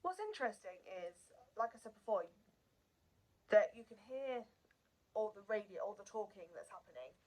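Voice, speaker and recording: A woman's voice: medium pitch, very animated, normal speed, darkish tone, rough recording. A woman hosting a true crime channel, telling the story in a casual, unscripted way. She is earnest and emotional and repeats words for emphasis.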